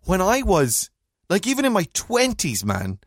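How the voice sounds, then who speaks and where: Man, thirties, lively swooping pitch, rambling anecdotes, dry close sound. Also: measured pace, husky, dry recording. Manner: rambling, animated storytelling with frequent restarts. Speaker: podcast co-host. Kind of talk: casual chat.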